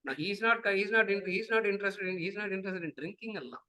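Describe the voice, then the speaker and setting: Man, Vedanta teacher, lecture with questions and answers, high voice, repetitive rhetorical questions. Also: rapid-fire, pushed and bright, low-quality recording.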